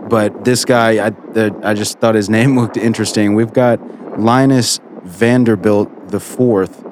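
A man hosting a comedy radio call-in show, relaxed and dry as he moderates. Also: on the low side, unhurried, a little hiss or hum.

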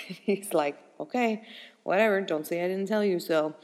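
A young woman vlogger chatting to her viewers, telling a personal story in a lively, rambling way, laughing often and saying "like" a lot. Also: fairly low pitch, moderate pace, big-room sound.

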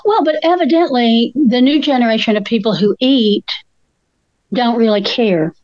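A woman's voice: on the high side, normal speed, dry recording, lo-fi sound. An older woman co-hosting a casual chat, telling stories and acting out the quotes in them. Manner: animated storyteller, acts out quotes. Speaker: co-host.

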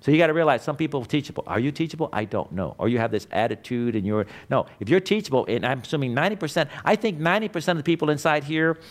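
A middle-aged man giving a blunt motivational lecture to a class, emphatic and swinging between loud and quiet. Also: on the high side, expressive, racing, few pauses. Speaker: class instructor. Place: classroom with students.

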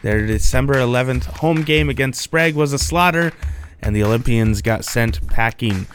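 A man presenting a local news bulletin in a steady newsreading manner, now and then breaking off for a joking aside. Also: medium pitch, normal speed, soft background music.

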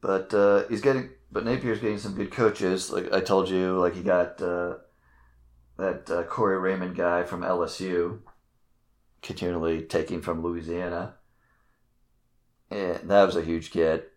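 A man's voice: deep voice, level tone, measured pace. A man co-hosting a casual sports podcast, talking in a rambling way with many fillers. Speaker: podcast co-host.

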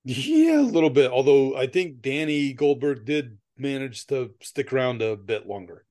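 A man's voice: mid-range voice, sing-song, normal speed, darkish tone. A man co-hosting a podcast in casual chat, telling stories in a rambling way, laughing often and swearing casually. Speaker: podcast co-host.

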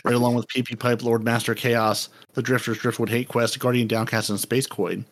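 A man's voice: mid-range voice, flat delivery, fairly quick. A man hosting a casual gaming podcast, playful and rambling, often repeating words as he goes. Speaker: podcast host.

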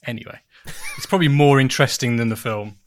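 A man's voice: mid-range voice, fairly quick. A man chatting casually about films as a podcast host. He rambles and mocks himself, laughing between thoughts. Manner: rambling, self-mocking, laughs often. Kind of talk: casual chat.

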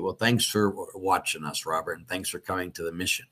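A man's voice: deep voice, fairly even intonation, fairly quick, hardly any pauses, pushed and bright. A man, a priest hosting his own live stream, reading out viewer comments and answering them in a casual way with many fillers.

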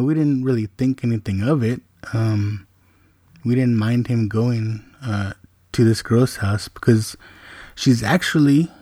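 A middle-aged man, a podcast host, telling a family story in a relaxed, rambling way with many fillers. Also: medium pitch, no room sound, studio quality. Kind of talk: casual storytelling.

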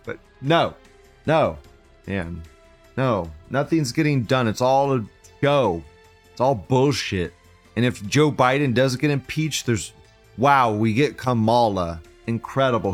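A man's voice: mid-range voice, expressive, unhurried, faint music behind. A man hosting a live show, reading chat aloud and ranting in a profane, sarcastic way. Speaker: livestream show host.

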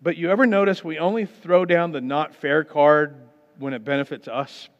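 A man's voice: fairly high pitch, steady tone, normal speed. Conversational male pastor in a reverberant hall. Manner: conversational, acts out listeners' complaints in mock voices. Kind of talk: sermon. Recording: dull sound with long hall reverb.

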